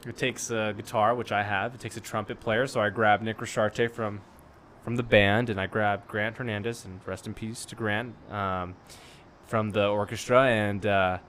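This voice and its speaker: A man's voice: lowish voice, fairly even intonation, normal speed, a bit bright, slight background noise. A young man, a podcast guest who chats easily and laughs a lot. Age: young adult. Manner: laughs often, easygoing storyteller. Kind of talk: casual chat.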